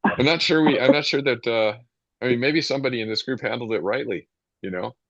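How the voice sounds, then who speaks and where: A man's voice: mid-range voice, a little fast, fairly bright tone, dry recording. A man teaching a casual Bible study to a small group. He talks in a rambling, conversational way, restarting sentences and reading scripture aloud. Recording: muffled, dull lo-fi sound.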